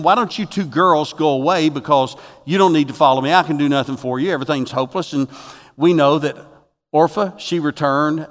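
A middle-aged man preaching a sermon from the pulpit in a church, telling folksy jokes and stories, with his voice getting louder at the punchlines. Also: on the high side. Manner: folksy storytelling with jokes, rising loud for punchlines. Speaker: pastor. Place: church sanctuary. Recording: long reverb of a church hall.

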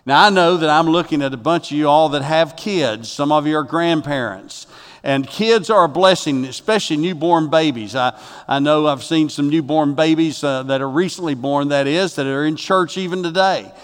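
A middle-aged man preaching a sermon from the pulpit in a church, telling folksy jokes and stories, with his voice getting louder at the punchlines. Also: a little high, normal speed, clear, resonant tone. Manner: folksy storytelling with jokes, rising loud for punchlines. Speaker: pastor. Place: church sanctuary. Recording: long reverb of a church hall.

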